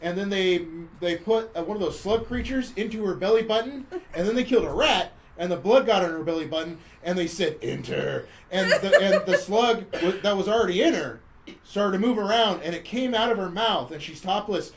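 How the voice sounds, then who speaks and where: A man's voice: high-pitched, expressive, fairly quick. A man hosting a podcast, casually retelling a movie's plot in a rambling, chuckling way. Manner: rambling, chuckling storyteller with restarts. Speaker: podcast host.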